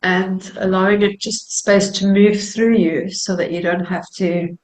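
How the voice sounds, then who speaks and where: A woman hosting a casual interview, relaxed, laughing between points and summing up her guest's ideas. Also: mid-range voice, unhurried. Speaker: host. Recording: roomy echo.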